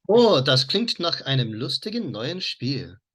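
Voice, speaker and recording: A man's voice: on the high side, big pitch swings, measured pace, a bit bright, heavily acted. A man voicing a restless young man on a spaceship in a video game, with a bored, wry delivery.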